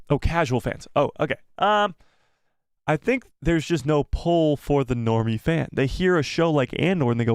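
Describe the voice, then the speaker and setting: A man hosting a casual live stream, excitable, swearing and reading the chat aloud. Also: a little high, normal speed, smooth, no room sound, studio quality.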